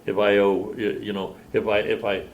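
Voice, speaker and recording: A man's voice: lowish voice, level tone, moderate pace, lo-fi sound, a little hiss or hum. An older man telling his recovery story at a meeting, plain-spoken and folksy. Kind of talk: personal testimony at a meeting. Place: meeting room.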